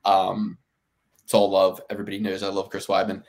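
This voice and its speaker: A man's voice: brisk, slight background noise. Male podcast co-host, casual and profane, rambling fight talk. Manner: rambling, profane, laughing, lively swings in pitch and volume. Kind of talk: casual fight-betting chat.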